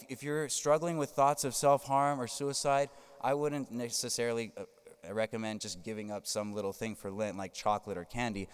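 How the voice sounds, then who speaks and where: Male priest, sermon, emphatic, smooth resonant voice, long church reverb. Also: medium pitch. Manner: emphatic, tags points with "right?". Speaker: Catholic priest.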